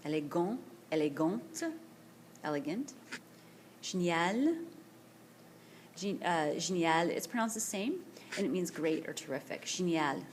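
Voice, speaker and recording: Woman teacher drilling vocabulary slowly. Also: lowish voice, expressive, a little hiss or hum. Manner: slow, careful, repeats each word for pronunciation drill. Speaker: French teacher. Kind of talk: screencast vocabulary lesson. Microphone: tablet screencast voice-over.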